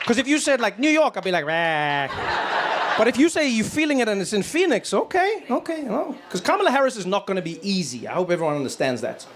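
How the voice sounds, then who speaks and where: A man doing a stand-up comedy set, telling stories in an animated way and jumping into acted voices. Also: fast, hardly any pauses, background noise. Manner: animated storytelling, acts out voices with loud high bursts.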